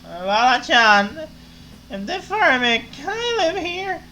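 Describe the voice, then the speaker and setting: A brash, half-drunk journalist woman from a video game, slurring and emphatic, as a player reads her lines aloud. Her voice leaps around with animated pitch and a bright, forceful edge. She swings quickly from grumbling to near-shouting. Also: a little hiss or hum, exaggerated voice, low-quality recording. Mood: frustrated. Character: tipsy middle-aged female journalist, brash. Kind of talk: reading game dialogue aloud.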